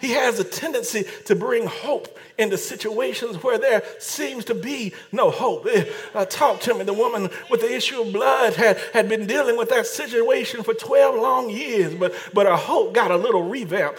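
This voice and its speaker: A man's voice: high voice, lively intonation, moderate pace, hardly any pauses. A man preaching a fervent sermon, stammering repeated words and calling on the congregation to answer back.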